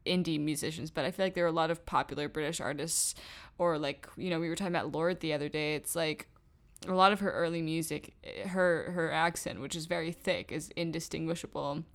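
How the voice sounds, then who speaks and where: Chatty American woman, slightly low voice. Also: fairly even intonation, brisk. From United States. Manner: chatty, self-conscious, lots of "like" and "I feel". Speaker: podcast co-host. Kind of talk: casual music discussion.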